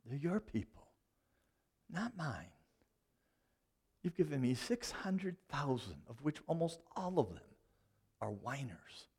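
A preacher acts out a worn-out, exasperated Moses pleading with God. The voice swings high and low as he complains. It stays close to the preacher's own voice. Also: very animated, unhurried.

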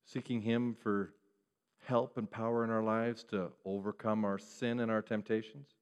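A man preaching a sermon who keeps asking the listeners questions and moves between hushed and raised delivery. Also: mid-range voice. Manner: asks the listeners rhetorical questions.

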